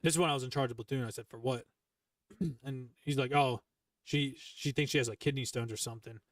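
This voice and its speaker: A man's voice: medium pitch, brisk, dry recording. A young man, a former Marine sergeant hosting a podcast, telling stories casually with lots of swearing and emphasis. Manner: profane, emphatic, full of fillers. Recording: dry, from some distance to the mic.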